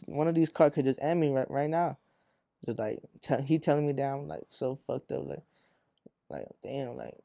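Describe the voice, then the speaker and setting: A young rapper from Arizona, appearing as an interview guest, tells a rambling, profane story and acts out what people said. His medium-pitched voice is mellow with vocal fry, and there's no room sound.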